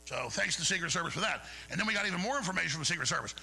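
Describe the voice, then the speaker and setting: Gravelly, fired-up male talk host. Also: high voice, animated, racing, bright, forceful tone, low-quality recording. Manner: angry, digressive, mocking impressions. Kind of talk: ranting monologue.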